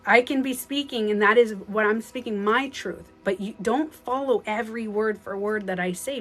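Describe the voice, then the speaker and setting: Woman life coach chatting live on her phone at home, earnest, rambly, quick laughs, faint music behind. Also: medium pitch, fairly bright tone. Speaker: spiritual life coach on a livestream. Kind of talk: casual livestream chat.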